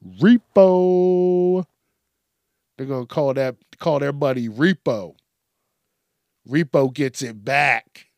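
A man's voice: mid-range voice, unhurried, dry recording. A young man hosting a podcast, ranting casually in a blunt, heavily profane way. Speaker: podcast host. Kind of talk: casual solo rant.

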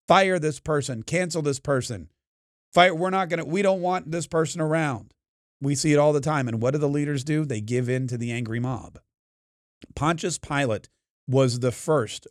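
A man's voice: mid-range voice, darkish tone, no echo, clean studio sound. A man giving an emphatic, opinionated monologue, acting out the voices of the people in the story he tells. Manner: emphatic, acts out quoted crowds. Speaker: podcast host.

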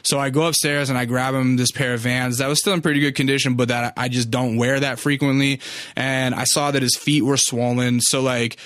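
A man's voice: mid-range voice, level tone, a little fast, a bit bright, dry recording, studio quality. A young man casually telling a long story, rambling and cursing freely, with lots of filler words. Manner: rambling, profane, filler-heavy.

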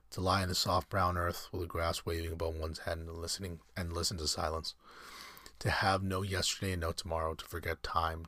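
A weary, sorrowful old ghost speaks slowly from the bottom of his range, as a man reading a storybook puts him on. The voice stays low and mournful, and it is close and dry, with no room sound. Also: a bit bright, dry recording. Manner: slow, low and sad.

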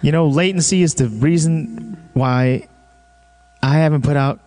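A man's voice: fairly high pitch, a little slow, darkish tone, no room sound. A man chatting casually, rambling and joking. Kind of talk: casual chat.

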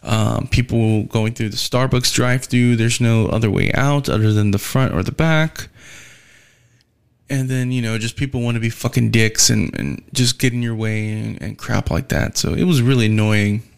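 A man's voice: mid-range voice, fairly even intonation, normal speed, gravelly, clean tone. A man working as a delivery driver tells a casual, rambling storytime rant, swearing heavily and sounding weary and fed up. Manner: profane and rambling, heavy swearing.

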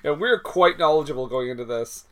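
A man's voice: fairly high pitch, fairly quick, crowd noise. A man co-hosting a podcast, chatting loosely about films and restarting his sentences often. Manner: loose, hedging, many "I mean" restarts. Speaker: podcast co-host. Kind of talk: casual movie discussion.

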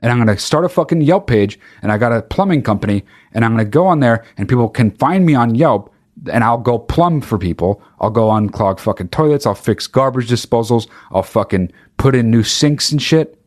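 A man's voice: medium pitch, lively intonation, brisk, a little mellow. A man hosting a podcast, ranting in a profane, sarcastic, rambling comedic way. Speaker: podcast host. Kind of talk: comedic rant.

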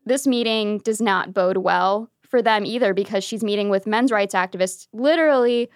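A woman's voice: medium pitch, normal speed, no echo. Brief: woman co-host, mid-range voice, dry studio sound, blunt, conversational. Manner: blunt, swears casually. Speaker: podcast co-host and reporter. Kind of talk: casual news chat.

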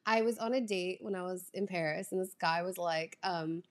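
A young woman with a Southern US drawl chats casually to camera as a vlogger, ranting, swearing, and laughing often. Her voice is on the low side and her pace is moderate.

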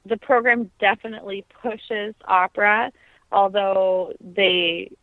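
A woman's voice: mid-range voice, level tone, slow, dry recording. A young adult woman, a trained opera singer, talks in a reflective, heartfelt way in a casual interview. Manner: reflective, heartfelt, many fillers. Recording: tinny phone-like sound.

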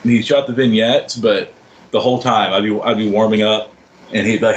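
A fairly low-voiced man tells stories about an old mentor in halting, emotional bursts, laughing as he goes. There is faint noise behind him. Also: steady tone, low-quality recording. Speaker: wrestler, podcast guest. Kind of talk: casual storytelling.

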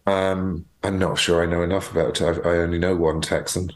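A man's voice: low-pitched, little pitch movement, a little fast. A man co-hosting a podcast in casual chat, curious and full of questions. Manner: curious, asks many questions. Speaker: podcast co-host.

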